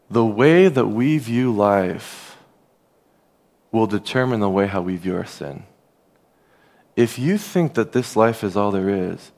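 Earnest male pastor preaching. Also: medium pitch. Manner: earnest, conversational preaching, drops softer on key phrases. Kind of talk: sermon.

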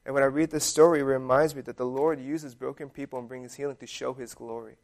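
A young man preaching in a relaxed, conversational way, his talk dotted with "like" and "um." His voice is gravelly with a touch of fry and sits at an ordinary middle pitch. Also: quick pace. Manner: conversational, full of fillers like "like" and "um". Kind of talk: casual sermon.

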